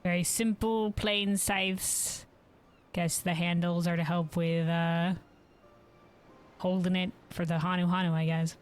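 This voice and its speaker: A woman's voice: lowish voice, little pitch movement, unhurried, soft background music. A woman streaming a game, talking in a chatty, playful way and correcting herself as she goes. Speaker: gaming streamer. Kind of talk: casual gameplay commentary.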